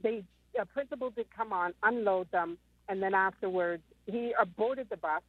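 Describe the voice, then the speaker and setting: Through a tinny phone line, a woman in her fifties calls in and rambles through her tale with frequent ums. Her mid-range voice moves at normal speed, and the recording is dry.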